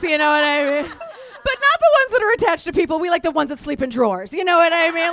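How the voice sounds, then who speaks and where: Animated high-pitched woman doing stand-up. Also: fast. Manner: animated, chatty, crude storytelling with frequent "right?" and "you know what I mean?". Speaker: stand-up comedian. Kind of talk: stand-up comedy set. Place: live comedy show at a resort.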